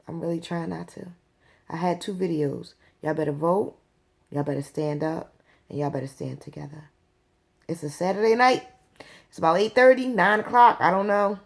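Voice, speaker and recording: A woman's voice: lowish voice, vocal fry. A woman hosting her own video show, talking straight to viewers in a blunt, exasperated rant. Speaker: show host. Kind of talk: casual vlog rant.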